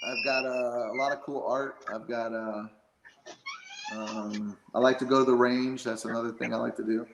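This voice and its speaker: A man's voice: medium pitch, fairly even intonation, normal speed, creaky, roomy sound, dull audio, background noise. A man chatting casually as a guest, rambling with lots of fillers and restarts. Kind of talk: casual chat.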